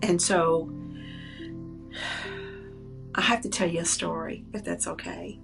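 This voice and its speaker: Low-pitched female medium, earnest and animated storyteller, faint guitar bed. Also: slow pace, vocal fry. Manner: earnest, animated, acts out the people she quotes. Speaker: psychic medium. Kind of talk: personal storytelling.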